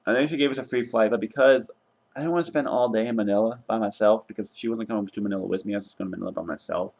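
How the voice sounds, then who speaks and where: A young man vlogging casually, retelling a travel mishap in an exasperated, animated way and swearing now and then. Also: lowish voice, rapid-fire, gravelly. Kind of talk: casual travel vlog rant.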